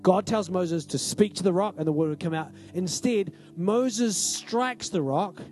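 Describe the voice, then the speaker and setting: A man's voice: high-pitched, measured pace, darkish tone, soft background music. A male pastor giving a conversational, emphatic sermon in a church and often asking the congregation "right?".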